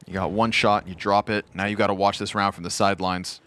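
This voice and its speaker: A man casting an esports match play-by-play, excitable and jumping to shouts on big plays. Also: lowish voice, brisk. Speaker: play-by-play caster. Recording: noisy game audio behind.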